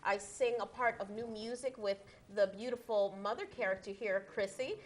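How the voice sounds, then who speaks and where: A woman's voice: medium pitch, moderate pace. A woman guest on a talk show, chatting enthusiastically about the songs she performs and laughing easily. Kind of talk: casual interview chat.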